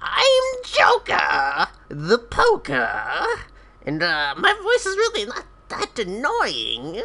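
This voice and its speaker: A man voicing a boastful evil male joker character with a very high, squeaky voice, drawn out slowly. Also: wildly swooping pitch, vocal fry, pushed and bright, heavily acted. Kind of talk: comedic character voice for a gameplay video.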